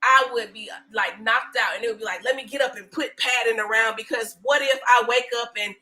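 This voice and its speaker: A woman in her thirties, a podcast guest, chatting casually and telling animated stories with laughs and acted-out quotes. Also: fairly high pitch, brisk, poor audio. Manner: animated storyteller, laughs often, acts out quotes. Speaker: podcast guest, breastfeeding specialist. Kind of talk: casual interview chat.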